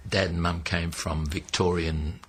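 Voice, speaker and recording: Deep gravelly Australian man telling stories. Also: unhurried. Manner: lively storyteller who acts out the people he quotes. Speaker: entertainer interviewee. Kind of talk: anecdotal interview storytelling.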